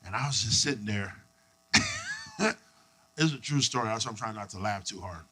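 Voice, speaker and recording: A man doing a stand-up comedy set on a club stage, animated and profane, acting out people in his stories. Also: on the low side, normal speed, slightly rough. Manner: animated, profane, acts out voices.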